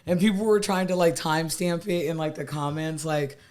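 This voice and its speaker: A man's voice: fairly high pitch, a little fast, darkish tone. A man co-hosting a podcast in loose casual chat, rambling with lots of fillers and laughing asides. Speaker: podcast co-host.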